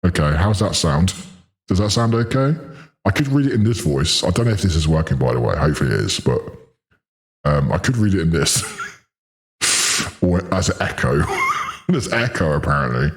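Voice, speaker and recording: A smooth, booming deep voice with a voice-changer effect, put on by a man streaming from the UK. It rises and falls very widely in pitch. It keeps a chatty, giggly manner. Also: sing-song, moderate pace, pauses often. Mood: amused. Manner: chatty, giggling at his own voice.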